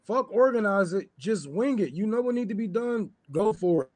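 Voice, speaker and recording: A man's voice: sits high, animated, moderate pace, a little mellow, no echo. A male guest on a talk show, speaking in a slightly raised voice. His talk is loose and profane, and the recording is dry and close, with no room sound. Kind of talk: casual chat.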